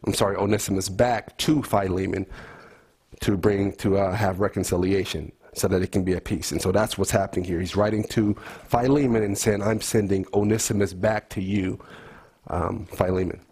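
A man's voice: low-pitched, fairly even intonation, normal speed, darkish tone, breathy edge. A man giving a conversational Bible teaching in an earnest way, repeating key phrases and quizzing his listeners.

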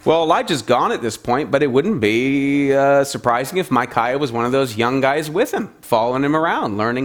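A man's voice: medium pitch, expressive, moderate pace, hardly any pauses. A man preaching a sermon in a conversational, humorous storytelling way.

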